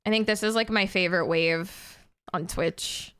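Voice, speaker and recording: A woman's voice: on the low side, fairly even intonation, a little slow, fairly bright tone, smooth. Giggly chatty woman streamer. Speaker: game streamer. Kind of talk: casual live-stream chat.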